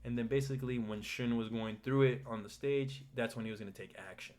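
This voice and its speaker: A man's voice: mid-range voice, fast. A man casually recapping manga chapters, rambling with restarts and loose paraphrase. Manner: rambling, restarts, paraphrases characters in a flat retelling. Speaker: manga commentator.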